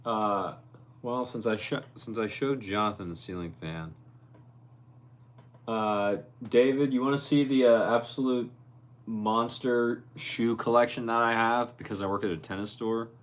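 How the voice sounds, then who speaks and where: A young man with a mid-range voice hosts a casual livestream from his bedroom, speaking a little slowly. He reads viewers' comments aloud and answers each one by name.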